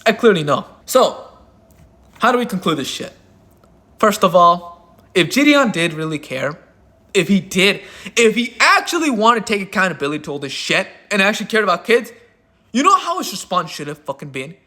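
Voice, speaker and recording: In a high, very animated and sharp voice at a moderate pace, a man hosts a channel of opinion commentary, ranting heatedly. He swears often and drives each point home with emphatic repetition.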